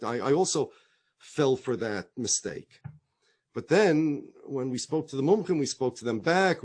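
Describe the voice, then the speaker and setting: A middle-aged man speaking as a rabbi, telling stories in conversation, acting out the dialogue and repeating himself as he goes. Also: medium pitch. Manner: animated storyteller, acts out quoted dialogue, frequent repetitions.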